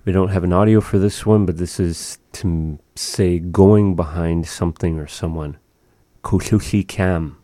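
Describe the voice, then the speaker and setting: Male teacher for a language lesson: very low, mellow voice, unhurried, patient repetition. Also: fairly even intonation, no room sound, clean studio sound. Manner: slow, patient, repeating words for practice.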